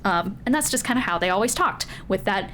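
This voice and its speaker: A woman's voice: mid-range voice, animated, a little fast, a bit bright. Laughing woman game master, faint background hiss. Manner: laughs often, self-mocking asides. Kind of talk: narrating a tabletop game.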